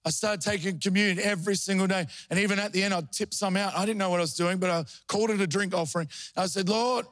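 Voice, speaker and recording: A high-pitched, middle-aged man delivers a sermon, moving from storytelling into fervent preaching. The sound is dry and close, with no room echo. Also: fairly even intonation, fast talker, few pauses, a bit bright. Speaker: pastor.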